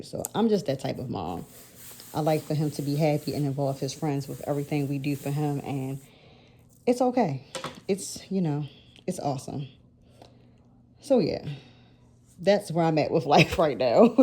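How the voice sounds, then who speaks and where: Low-voiced, mellow woman chatting while crafting. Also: normal speed. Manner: rambling, self-correcting, laughs often. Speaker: planner vlogger. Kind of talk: casual chatty vlog narration.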